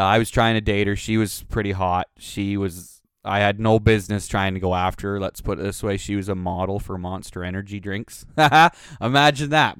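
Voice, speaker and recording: A man hosts his own podcast and tells a long, rambling story with plenty of swearing and self-mockery. His voice is smooth and clear, and it sits close and dry on the mic with no room sound. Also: lowish voice, fairly bright tone, dry recording. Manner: profane, rambling, self-mocking. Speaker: podcast host. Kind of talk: casual storytelling monologue.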